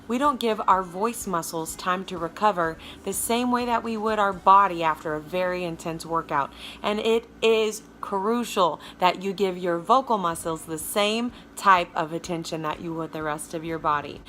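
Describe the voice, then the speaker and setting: A woman vocal coach with a Southern American accent and a low alto speaking voice, giving a chatty, emphatic lesson straight to her viewers. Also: moderate pace, hardly any pauses, pushed and bright, slight background noise. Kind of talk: casual video lesson.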